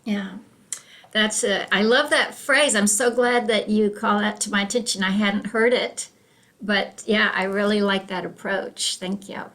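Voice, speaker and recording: A woman's voice: mid-range voice, steady tone, measured pace, a bit bright. A woman leading a church adult education class, chatty and self-deprecating, acting out voices as she tells stories. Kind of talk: classroom talk with anecdotes.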